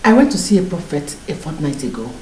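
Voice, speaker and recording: A woman playing a lively, chatty wife. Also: low-pitched, fast, echoey room, slight background noise, low-quality recording. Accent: Ghanaian English. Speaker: troubled wife. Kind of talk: Ghanaian film acting.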